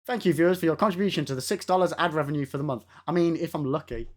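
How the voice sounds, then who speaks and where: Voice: medium pitch, racing. A game streamer chatting casually with live viewers, laughing often and swearing now and then.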